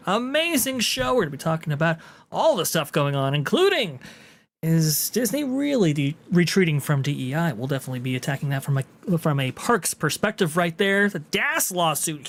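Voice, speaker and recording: A man's voice: high-pitched, sing-song, moderate pace, vocal fry, a bit bright. A man co-hosting a live online show, eagerly promoting his upcoming episodes and explaining the topics. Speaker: co-host and podcast host. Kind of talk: casual livestream panel chat.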